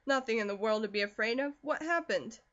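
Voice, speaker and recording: A woman's voice: on the high side, brisk, fairly bright tone, lightly acted. Audiobook role: a woman reading as a protective older country uncle, firm and emphatic, in a dull lo-fi recording. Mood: alarmed.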